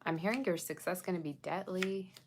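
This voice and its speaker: Here a woman does a tarot reading for viewers, her lowish voice running a little fast over a slight hiss or hum. She chats casually, often pausing to check in with an "okay?"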